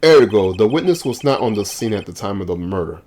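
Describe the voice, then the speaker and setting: A man voicing a cool, formal male prosecutor in a game playthrough, measured and stiff. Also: lowish voice, lively intonation, a little mellow.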